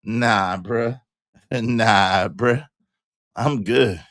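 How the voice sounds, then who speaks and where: A man hosting a casual livestream, reading viewer comments and joking in repeated denials, jumping between loud high exclamations and low mutters. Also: very slow, dry recording, clean studio sound. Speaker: livestream host.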